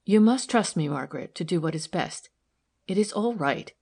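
Woman reader doing a firm, quiet lady of the house; low voice, storybook role. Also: lively intonation, moderate pace, creaky, breathy edge, full character voice. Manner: firm and quiet, sometimes stern. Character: firm, gentle lady of the house, middle-aged. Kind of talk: audiobook character voice.

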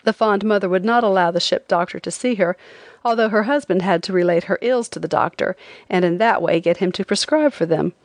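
A woman narrating a travel memoir as an audiobook, with an expressive reading. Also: mid-range voice, brisk, no room sound. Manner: expressive, lively delivery.

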